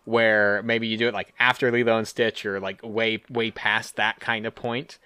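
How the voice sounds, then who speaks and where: A male podcast co-host thinks aloud in casual chat, often pausing as he searches for words. His voice is bright, and the recording is dry and close. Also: lowish voice, level tone, smooth, dry recording.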